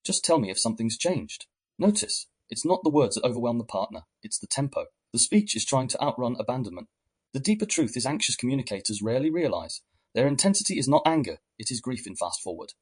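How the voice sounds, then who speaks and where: Husky-voiced man narrating calmly. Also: mid-range voice. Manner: measured, explanatory, reflective. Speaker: podcast host. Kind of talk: scripted reflective narration.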